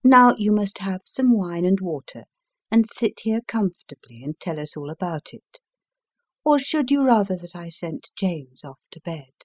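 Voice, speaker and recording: Brief: a warm-hearted, composed young wife calming a friend, gentle and lightly raised, dry audiobook read, voiced by a woman. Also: mid-range voice, unhurried, no room sound, voice pushed up. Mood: soothing. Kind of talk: audiobook character voice.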